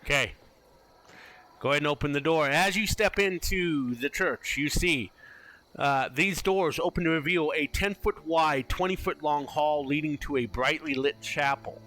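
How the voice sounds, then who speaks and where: Bright-voiced male game master. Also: fairly high pitch, moderate pace. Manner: descriptive, animated, laughs easily. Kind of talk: narrating a tabletop game.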